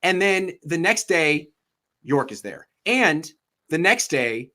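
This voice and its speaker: A man hosting a casual sports talk show, animated and acting out quotes from others as he tells them. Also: a little high, slow. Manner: animated, acts out quotes in voices. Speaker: podcast host.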